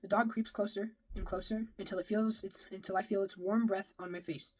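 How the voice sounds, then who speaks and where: A woman's voice: mid-range voice, steady tone, a little fast, a little mellow, rough recording. Woman reading a novel aloud. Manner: first-person storytelling with occasional slips and rereads. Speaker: reader.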